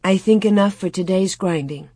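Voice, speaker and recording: A woman's voice: medium pitch, normal speed, warm tone, breathy edge, no room sound, studio quality, lightly acted. A woman reading as a stern pioneer mother. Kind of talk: audiobook reading.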